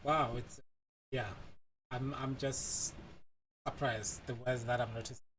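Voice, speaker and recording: A man's voice: mid-range voice, steady tone, fairly bright tone, a little hiss or hum. Casual man from Botswana explaining. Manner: halting, many fillers and restarts. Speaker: language teacher.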